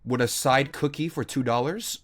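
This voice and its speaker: A man's voice: medium pitch, moderate pace, fairly bright tone. A man streaming a game, chatting casually with a sarcastic, teasing manner and frequent swearing. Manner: sarcastic, teasing, mock-arguing with chat.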